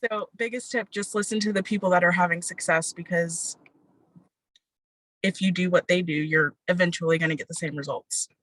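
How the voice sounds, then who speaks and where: A woman's voice: fairly low pitch, steady tone, fairly quick, a bit bright, dry recording, rough recording. A woman on a video call giving casual, chatty advice. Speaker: guest on a team video call.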